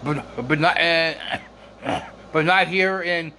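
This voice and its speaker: With a slightly high, pushed and bright voice, an American man slowly rants about his long-distance relationship, rambling, swearing, and repeating himself in exasperation. He coughs now and then, and slight background noise is audible.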